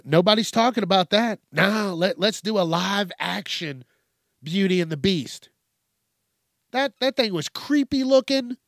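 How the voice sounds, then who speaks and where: A man with a slightly high voice rants on a solo podcast, unhurried and loose. He swears freely, rambles, and keeps jumping into mock quotes before laughing at his own jokes. The sound is close and dry, with no room around it. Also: no room sound. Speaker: podcast host. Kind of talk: casual solo podcast rant.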